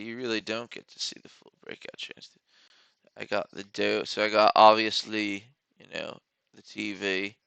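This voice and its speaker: A man's voice: fairly low pitch, gravelly, pushed and bright, no echo, poor audio. A man hosting a casual day-trading live stream from his home studio, rambling, joking and swearing freely as he talks through his trades.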